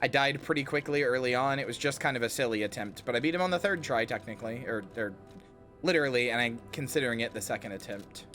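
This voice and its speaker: A man's voice: mid-range voice, fast talker, pushed and bright. A game streamer doing casual livestream commentary, playful and rambling, often addressing his chat. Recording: faint music behind.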